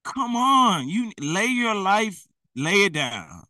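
Guy preaching hard, slangy and blunt, super bright tense voice, pretty far from the mic. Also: high voice, sing-song, takes it slowly, dry recording. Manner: blunt, slangy, exhorting, laughs at himself. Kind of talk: fiery street-style preaching.

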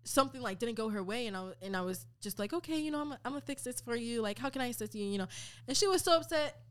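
A young woman in her twenties, a podcast guest talking about faith in a lively, repetitive, emphatic way. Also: a little high, very fast. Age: 20s. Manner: animated, repeats phrases for emphasis. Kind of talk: casual faith talk.

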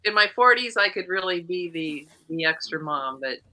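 A woman's voice: fairly low pitch, lively intonation, normal speed, pushed and bright. A woman in her sixties from South Dakota, chatting casually as a guest on a video call and laughing often. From eastern South Dakota. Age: 60s. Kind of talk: casual chat.

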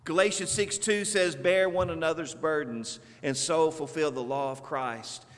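A man preaching a sermon with a Southern US accent, speaking slowly and deliberately with emphatic pauses. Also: fairly high pitch, big-room sound. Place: church sanctuary.

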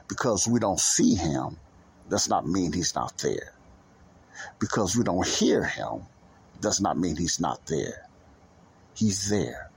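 Male podcast host, very low husky voice, earnest unscripted preaching-style chat. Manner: earnest, repetitive, restarts often. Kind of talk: casual Christian commentary.

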